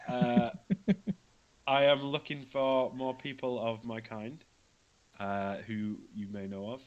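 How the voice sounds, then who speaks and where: A man's voice: mid-range voice, little pitch movement, slow pace, muffled recording. A man with a Northern English accent, a tabletop player joking around and playing mock-offended. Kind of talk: casual tabletop game play.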